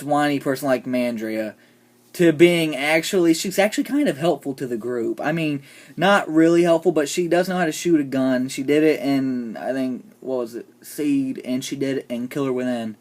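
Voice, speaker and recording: A vlogger ranting casually about TV characters, opinionated and sarcastic, often trailing off into quiet asides. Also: mid-range voice. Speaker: TV show reviewer.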